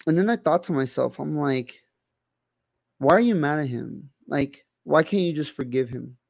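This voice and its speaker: A young man with a gravelly, fry-edged voice chats casually as a podcast co-host. He talks loosely and swears a lot, full of "like" and "you know". The sound is dry and close. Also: on the high side, normal speed, no room sound. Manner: loose, heavy swearing, many fillers and restarts. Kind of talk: casual chat.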